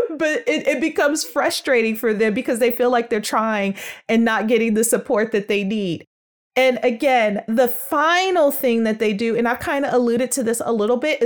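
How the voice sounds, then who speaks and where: Lively higher-voiced woman teaching. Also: moderate pace. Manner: lively, demonstrates sounds aloud; calls listeners sugars and world changers. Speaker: speech development educator. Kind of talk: educational podcast talk.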